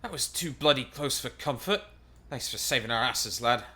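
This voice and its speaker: A man's voice: medium pitch, animated, moderate pace, sharp tone. A man voicing a grateful male adventurer, reading the lines in a plain, earnest way. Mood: relieved.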